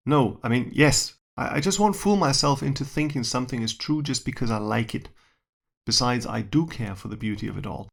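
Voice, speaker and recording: A man's voice: mid-range voice, expressive, brisk, gravelly, fairly bright tone. A man who works as a science educator, reading his own short story aloud in a dry, wry first-person manner.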